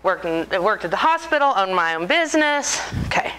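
Bright, lively woman telling stories. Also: medium pitch, fairly quick, clean tone, rough recording. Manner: animated, joking, laughs often. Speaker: speaker. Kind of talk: storytelling talk to an audience.

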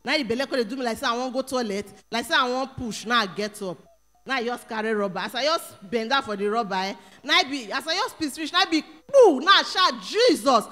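A woman with a Nigerian Pidgin accent giving an animated testimony in church, acting out quotes and breaking into exclamations. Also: a little high, fast, long reverb tail. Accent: Nigerian Pidgin English. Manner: storytelling that acts out quotes, rising to exclamations. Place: church hall.

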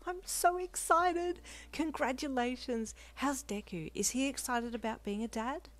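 Story reading: excitable female best friend, high and gushing, voiced by the woman narrator. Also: normal speed, natural voice. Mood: thrilled.

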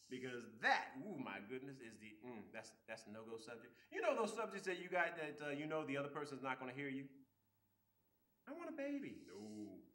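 A man giving a relationship seminar talk, animated, acting out quoted people and often repeating words as he starts sentences. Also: high voice, echoey room. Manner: acts out quoted people with voice shifts. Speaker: seminar speaker.

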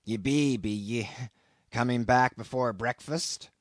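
A man voicing a strange, cryptic old sailor who speaks slowly and in a wondering, halting way. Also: mid-range voice, no echo, studio quality, close to an everyday voice. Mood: cryptic, ominous. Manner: slow, wondering, halting speech.

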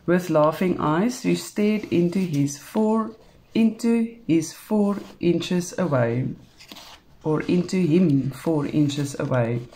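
A woman with a South African English accent, calmly reading a novel aloud, unhurried, with small slips. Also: on the low side. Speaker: storybook reader.

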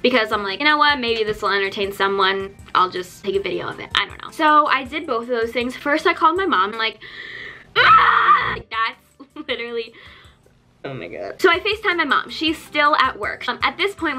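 A young woman telling a story in a casual vlog, chatty and animated, acting out the people she quotes. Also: a little high. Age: young adult. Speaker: vlogger.

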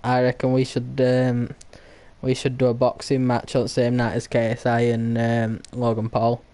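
A man's voice: mid-range voice, completely flat delivery, moderate pace, mellow, clean tone. A man, a gaming streamer ranting and mocking in crude casual banter with stammering restarts.

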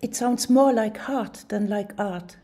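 A woman presenting a software tutorial in voice-over, explaining each step calmly. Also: medium pitch, slow. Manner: calm, step-by-step instructional.

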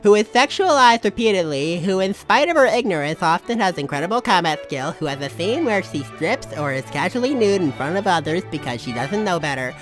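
A woman's voice: lowish voice, animated, fairly quick, few pauses, faint music behind. A young woman reading online posts aloud for comedy, dry and sarcastic, now and then bursting into mock outrage.

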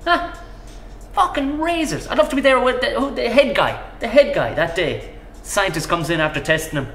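A man's voice: sits high, expressive, moderate pace, vocal fry, sharp tone, roomy sound, slight background noise. A man holding forth in a profane comic rant to a stranger at the pub. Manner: profane, ranting, conspiratorial. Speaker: pub regular in a comedy sketch.

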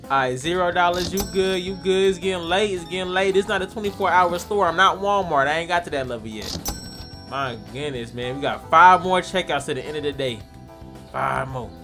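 A young man runs playful, excitable commentary as he plays, teasing and hyping up the people he talks to. His voice sits a little high, and faint music plays underneath. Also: brisk. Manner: hyped, joking, talks to game customers. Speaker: gaming YouTuber.

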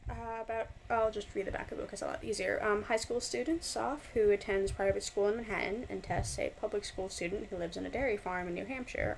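A woman's voice: mid-range voice, creaky, a little hiss or hum, low-quality recording. A woman in her twenties from New York, gushing about a book in a rambling casual review with restarts and casual swearing. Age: 20s.

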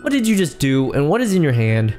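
A man playing a would-be hero dad in a Minecraft role-play, excitable and jumpy, exclaiming often. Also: fairly high pitch, brisk, soft background music. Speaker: YouTube gamer in role-play.

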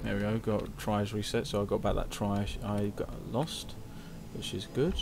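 A young man giving casual, excitable let's-play commentary at home, swearing often. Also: lowish voice, normal speed, background noise. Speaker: gaming channel host.

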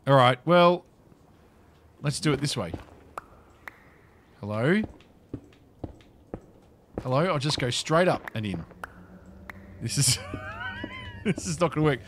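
A man's voice: fairly high pitch, wildly swooping pitch, takes it slowly, long pauses, slight background noise. A man giving casual, flustered commentary while playing a video game, chatting to the creatures on screen.

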